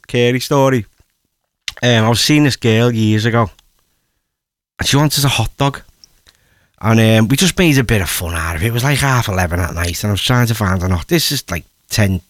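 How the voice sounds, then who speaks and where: A middle-aged man, a radio host telling a rambling story, jumping into high voices for the people he quotes. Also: dry recording, studio quality. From North West England.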